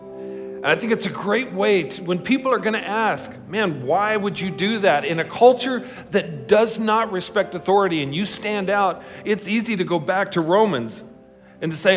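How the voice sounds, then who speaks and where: A male pastor preaches in an emphatic, storytelling manner, his voice sitting a little high. His words ring out with a long reverb in a church hall, with faint music in the background. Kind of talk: sermon.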